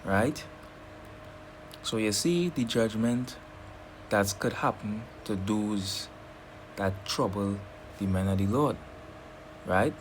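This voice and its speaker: A man teaching a scripture lesson who keeps checking in with "right?" and reads verses slowly and deliberately. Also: fairly low pitch, a little hiss or hum. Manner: keeps asking "right?" between points. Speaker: preacher.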